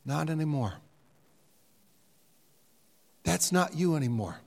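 An older man preaching a sermon, animated and jokey, sometimes mimicking other voices. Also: a little high, a little fast, creaky. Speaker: pastor. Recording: reverberant hall sound.

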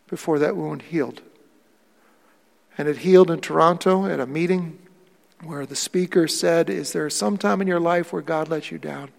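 A man in his forties preaching a sermon in a large auditorium. He tells a personal story quietly, then builds to impassioned preaching. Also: fairly high pitch, vocal fry, in a large hall. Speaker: pastor.

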